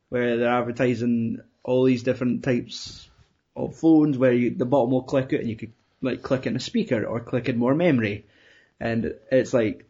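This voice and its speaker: In a relaxed conversation he hosts, a husky-voiced man of ordinary mid pitch spins meandering stories, laughs readily and guides the talk by asking questions. He sounds mellow. The recording is a bit dull and lo-fi.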